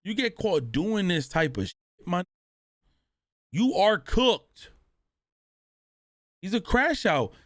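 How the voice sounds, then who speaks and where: A male streamer reacts live and speaks straight to his chat, blunt and full of swearing. His voice sits high. The sound is dry and close, with no room in it. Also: very animated, moderate pace, few pauses, fairly bright tone, no room sound.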